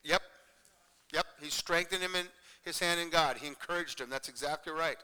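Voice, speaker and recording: A pastor delivers a sermon in an earnest, conversational manner, repeating himself and frequently stopping to ask his listeners "okay?" His voice is slightly high, bright and crisp. A long church-hall reverb lingers after his words.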